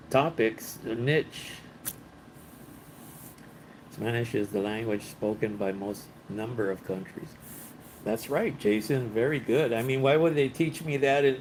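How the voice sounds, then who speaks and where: Broadcasting from a hotel room, a livestream host from Los Angeles chats with viewers, reads their comments aloud, laughs a lot and slips in bits of Spanish. His voice is mid-range. The low-quality recording carries a little hiss or hum.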